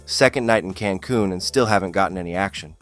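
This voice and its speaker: A man's voice: low voice, fast, a bit bright, soft background music. A man narrating funny stories in a scripted style, with a dry comic delivery that lifts on the punchlines. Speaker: storyteller.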